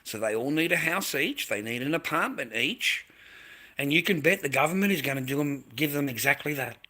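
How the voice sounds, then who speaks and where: An Australian livestreamer launches into an angry, profane rant, repeating himself and snapping back at viewers in the chat. His voice is fairly high-pitched, expressive, a little fast, and pushed and bright.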